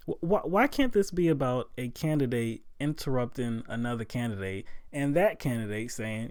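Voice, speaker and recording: A man talking through political commentary in a loose, conversational way, full of fillers, growing loud and incredulous at times. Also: mid-range voice, animated, normal speed, no echo, clean studio sound. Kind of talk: casual political commentary vlog.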